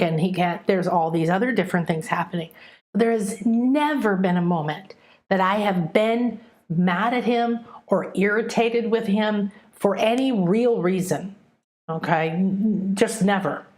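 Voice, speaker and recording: A woman's voice: medium pitch, measured pace, darkish tone. A middle-aged woman, a spiritual teacher, giving an earnest, emotive teaching monologue that mixes lessons with personal stories. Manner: earnest, emotive, checks in with listeners.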